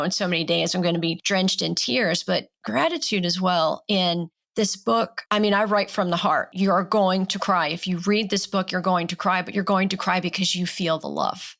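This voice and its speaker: Heartfelt woman with a gravelly edge. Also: lowish voice, a bit bright. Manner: heartfelt, emphatic. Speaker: podcast guest, life coach. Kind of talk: casual conversation.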